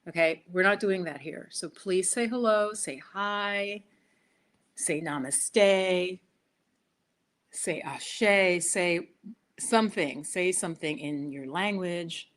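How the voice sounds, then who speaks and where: A woman's voice: fairly low pitch, slow, a bit bright. Chatty woman hosting a yoga live stream. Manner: chatty, rambling, laughs at herself. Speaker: yoga and meditation host. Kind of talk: casual live-stream chat. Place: indoors, home set-up with laptop. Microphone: laptop.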